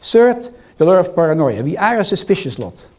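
Teasing and quizzing listeners throughout, an older, foreign-accented man delivers an interactive lecture in a hall. His voice sits high and is very animated, a little fast, and darkish in tone.

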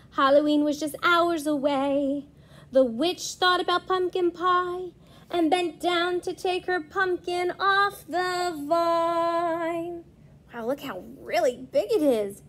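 A woman's voice: very high voice, slight background noise. A woman reading a picture book aloud to young children as a preschool teacher, asking them questions as she goes. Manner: slow, lively storytelling, asking children questions.

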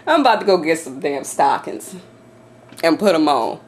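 Speaking a little slowly in a low, very animated voice, a woman vlogs to camera from her home office. She swears, laughs nervously and shrieks in fear during the casual video.

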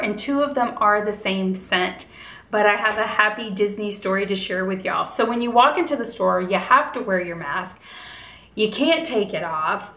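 A woman's voice: medium pitch, pushed and bright, echoey room. A woman vlogging casually at home by a window. She chats and tells stories with gusto, acting out the lines of the people she quotes. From United States. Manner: chatty and storytelling, acts out quoted dialogue. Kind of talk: casual vlog chat. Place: indoors at home in front of a window.

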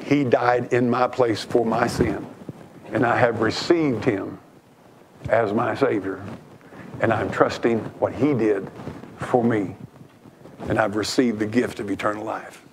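Gravelly, fervent preacher man. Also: on the low side, steady tone, unhurried, pauses often, background noise. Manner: fervent, emphatic preaching with repeated phrases. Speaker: pastor. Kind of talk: sermon. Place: church.

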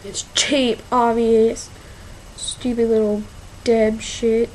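A woman's voice: a little high, little pitch movement, darkish tone, a little hiss or hum, poor audio. A young woman in her teens rambling through a casual shopping haul video, with lots of fillers and y'all. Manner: slow, rambling, filler-heavy, says y'all. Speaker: vlogger.

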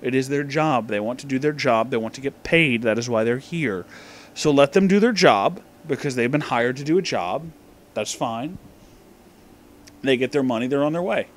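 Recorded in his office, a tipsy male movie reviewer delivers a wandering, foul-mouthed commentary and keeps losing track. He speaks expressively at a moderate pace in a mid-range voice.

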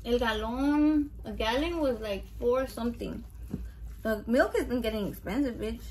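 This woman in her thirties, a cooking vlogger, speaks at normal speed in a fairly high but darkish voice against slight background noise. While cooking at home, she rambles through chatty, profane anecdotes and works Spanish words into her English.

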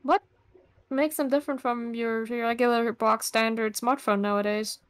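A woman's voice: a little high, steady tone, normal speed. A young woman co-hosting a webcomic read-along, chatty and teasing, who laughs easily. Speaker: co-host, reading narration. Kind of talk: casual chat.

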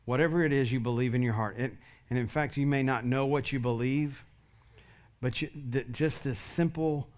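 A man's voice: medium pitch, normal speed, darkish tone. A male pastor giving an earnest sermon altar call, leading the congregation in prayer line by line. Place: church sanctuary.

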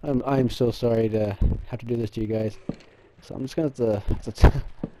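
A man's voice: medium pitch, steady tone, a little fast, noisy background. A young man hosting his own gaming channel, talking over gameplay footage in a frustrated, apologetic, rambling way with many restarts.

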